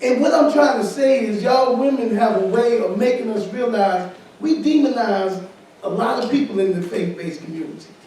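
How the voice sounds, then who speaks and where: A man's voice: very high voice, normal speed, darkish tone, a little hiss or hum. A man who is a pastor, giving candid, informal remarks on a panel at a summit. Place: conference room at a summit. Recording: echoey hall, from far off.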